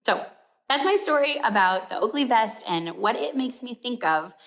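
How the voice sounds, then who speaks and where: A young woman with a somewhat high voice tells a personal story in a loose, casual way. She fills her sentences with "like" and sinks to a near whisper on the awkward details. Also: moderate pace. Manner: animated, frequent "like" fillers, drops to whispers for gross details. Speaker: sewing pattern company storyteller.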